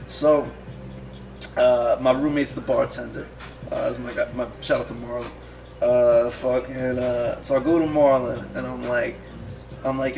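A man's voice: mid-range voice, normal speed, vocal fry, a little hiss or hum. A podcast host in his thirties telling a rambling, profane anecdote in casual chat, laughing as he goes. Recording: distant mic with loud music behind. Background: music playing.

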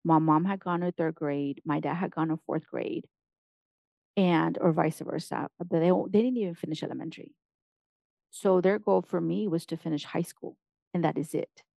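A woman's voice: low voice, fairly even intonation, normal speed, gravelly, dark tone, no room sound. A middle-aged woman from Mexico, a guest on an interview, talking with energy and repeating punchy encouraging phrases. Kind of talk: motivational interview talk.

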